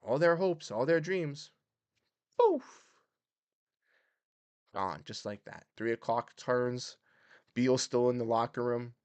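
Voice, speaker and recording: A man hosting a sports livestream, ranting heatedly and swinging between loud outbursts and muttered exasperation. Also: medium pitch, measured pace, clear, resonant tone, no room sound. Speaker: sports podcast host. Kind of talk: livestream rant.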